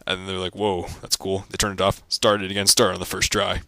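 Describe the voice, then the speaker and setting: A young man ranting casually about his life as a vlogger, rambling with lots of fillers and deadpan jokes. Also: sits low, a little fast, vocal fry, no room sound.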